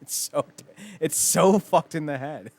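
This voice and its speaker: A man's voice: on the high side, measured pace, creaky, a little hiss or hum. A man co-hosting a podcast in casual chat, telling stories with lots of swearing and laughter. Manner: profane, animated storytelling with laughter. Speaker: podcast co-host.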